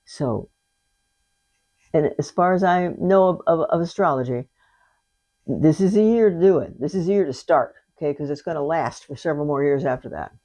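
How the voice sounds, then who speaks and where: A woman's voice: sits low, lively intonation, moderate pace, warm tone. An older woman giving a chatty tarot reading, talking straight to the viewer with folksy exclamations. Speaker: tarot reader. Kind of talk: casual tarot reading to camera.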